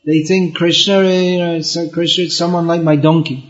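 A man's voice: a little high, level tone, normal speed, highs cut off. A man giving a devotional lecture in an earnest, explaining way, often repeating words as he goes. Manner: chants verses in Bengali. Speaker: spiritual teacher.

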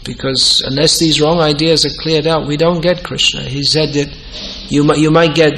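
A man's voice: a little high, level tone, moderate pace, a bit bright, slight background noise, rough recording. A man giving an informal religious discourse to a small group, telling stories and quoting dialogue. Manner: storytelling, quotes dialogue, laughs at own points. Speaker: devotional teacher.

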